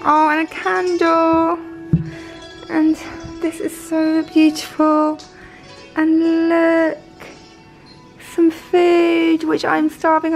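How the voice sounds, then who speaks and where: A young woman vlogging her trip, gushing excitedly as she shows off a hotel room on a handheld camera. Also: high voice, low-quality recording. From Ireland. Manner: excitable, gushing, breathless asides. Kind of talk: travel vlog.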